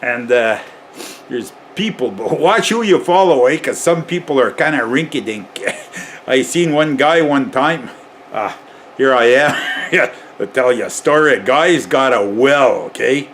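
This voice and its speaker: A man's voice: medium pitch, animated, a little slow, a bit bright, slight background noise. Chuckling, rambling electrician man. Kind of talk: casual how-to vlog. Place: garage.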